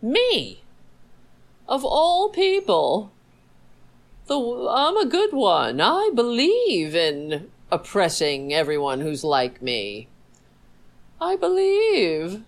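A woman putting on a whiny, self-pitying conservative woman in a mocking, shrill and indignant voice. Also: huge pitch swings, very slow, pauses often, heavily acted.

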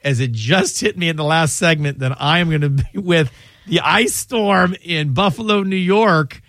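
A man's voice: a little high, normal speed, fairly bright tone, no echo, clean studio sound. A man hosting a call-in legal advice radio show, talking in a chatty, rambling way and often restarting his sentences. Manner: chatty, rambling, self-interrupting. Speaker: radio show host and lawyer.

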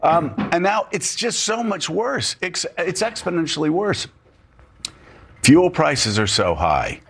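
A man's voice: a little high, big pitch swings, takes it slowly, creaky, breathy edge. A man hosting a political talk show, talking emphatically with sarcastic asides. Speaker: host.

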